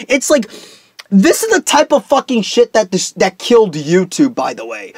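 Young man, heated profane rant, lively swinging pitch, dry close mic. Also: no room sound. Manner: profane, heated ranting with restarts. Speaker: commentary YouTuber. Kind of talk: off-the-cuff rant.

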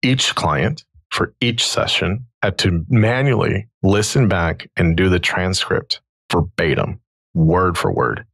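A man in his forties with a low, gravelly and somewhat husky voice, recorded dry and close. He tells a long personal story at a relaxed pace. He acts out the people he quotes with lively jumps in pitch. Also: takes it slowly, no echo. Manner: animated, acts out quoted dialogue. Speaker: podcast host and therapist. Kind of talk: conversational storytelling.

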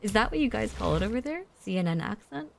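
A woman's voice: mid-range voice, animated, fast talker, creaky, slight background noise. An American woman streaming a game, chatting and giggling with her viewers in casual commentary. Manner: chatty, giggly, talks to chat.

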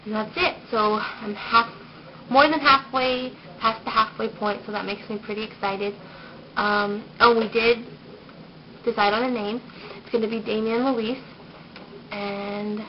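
A young woman giving a casual pregnancy update vlog, shy and rambling with lots of ums, getting over a cold. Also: mid-range voice. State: recovering from a cold. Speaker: vlogger. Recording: dull lo-fi home video with noise.

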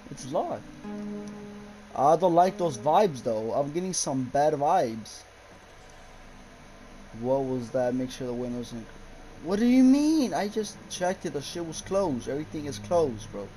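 A man's voice: mid-range voice, lively intonation, moderate pace, mellow, a little hiss or hum, low-quality recording. A young man giving frightened, swearing commentary while playing a horror game, yelping at scares and muttering nervously to himself. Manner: jumpy, swearing, yelps and exclaims. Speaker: gaming YouTuber.

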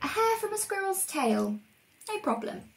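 A woman voicing a fussy, easily annoyed female witch, who calls out brightly and grumbles in drawn-out words. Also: very high-pitched, very animated, a little hiss or hum, voice pushed up, heavily acted. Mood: chirpy. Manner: exclaims, grumbles and stretches words.

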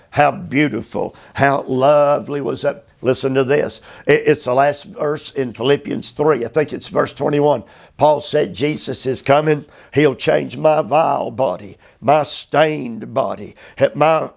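A male preacher giving a slow expository sermon, drawing out phrases emphatically and often repeating words. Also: medium pitch, creaky. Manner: drawn-out, emphatic phrasing with repetitions. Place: motel room.

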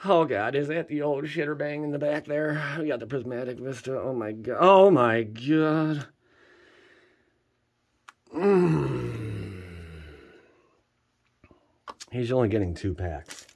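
A man casually commenting as he opens card packs for viewers, excitable and joking, jumping between loud hype and quiet muttering. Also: medium pitch, a little slow, creaky. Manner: slangy, joking, teasing. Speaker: channel host opening card packs for viewers.

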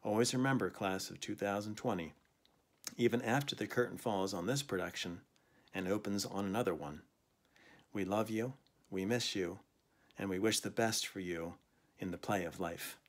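A man teacher delivering a scripted farewell speech to graduating students in a measured, formal way. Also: fairly low pitch.

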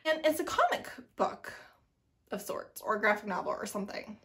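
A woman's voice: medium pitch, wildly swooping pitch, moderate pace, fairly bright tone. A woman book vlogger in casual chat, rambling and chatty with lots of asides and emphatic bursts.

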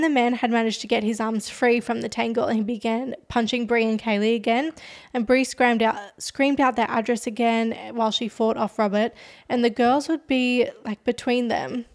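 A woman with a fairly high, fairly even voice hosts a podcast, casually retelling a true-crime story at normal speed. She's chatty and leans heavily on "like" as a filler, adding dramatic emphasis.

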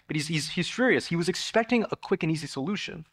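A man preaching a sermon in a church, retelling a Bible story in a lively way and raising his voice to act out the people in it. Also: quick pace, few pauses. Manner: animated storytelling, acting out the figures with sudden raised pitch. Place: church sanctuary.

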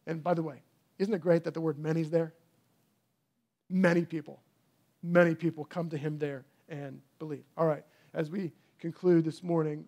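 A man's voice: a little high, vocal fry, mellow. A man pastor preaching a sermon, building fervor through repeated phrases. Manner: preaching with rising fervor and repetition.

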